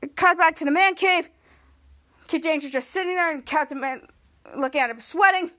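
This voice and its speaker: High-voiced woman recapping a TV episode. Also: moderate pace, sharp tone. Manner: reads quoted lines in a livelier voice, many restarts. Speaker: podcast host.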